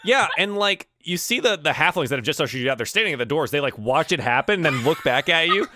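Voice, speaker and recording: A man runs a tabletop game as dungeon master, his voice bright and forceful with lively swings in pitch. He talks in halting bursts full of fillers. The sound is dry and close. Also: no echo. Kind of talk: running a tabletop game online.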